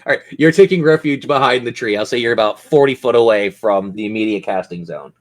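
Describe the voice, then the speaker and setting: A man's voice: mid-range voice, a little fast. A man running a tabletop role-playing game as game master, narrating scenes and explaining rules in an easygoing way.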